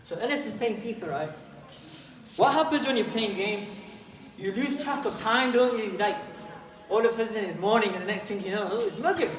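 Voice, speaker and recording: A man giving a storytelling talk to children, lively, asking them questions and acting out voices. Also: sits high, brisk. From England. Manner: lively, asks the kids questions, acts out voices. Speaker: youth speaker. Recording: echoey hall, far mic, faint background hum.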